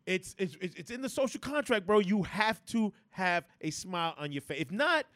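A man with a fairly high voice rants in a casual podcast chat, swearing freely and tripping over his restarts. The sound is dry and close to the mic. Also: expressive, normal speed, fairly bright tone, dry recording. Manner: profane, emphatic ranting with stammered restarts. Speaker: podcast co-host.

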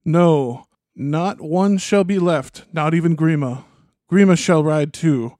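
A resolute old king gives firm, measured orders, as a man reads him aloud. His voice is mellow and a bit high, recorded dry and close. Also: dry recording.

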